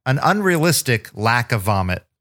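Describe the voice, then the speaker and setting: A man's voice: mid-range voice, very animated, normal speed, a bit bright. Joking male podcast co-host. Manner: laughing, joking listener. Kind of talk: casual chat.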